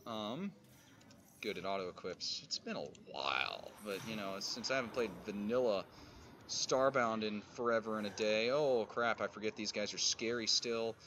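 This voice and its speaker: A man streaming a survival game, muttering and grumbling and swearing at creatures, with sudden loud outbursts. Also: fairly low pitch, normal speed, a little hiss or hum. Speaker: gaming streamer. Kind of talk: casual let's-play commentary.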